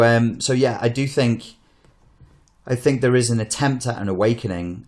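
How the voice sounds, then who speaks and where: A Northern English man hosts a casual podcast chat in a very deep voice. He talks in long, opinionated runs, swearing freely as he goes. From Northern England. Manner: animated, swearing, opinionated and rambling. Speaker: podcast host.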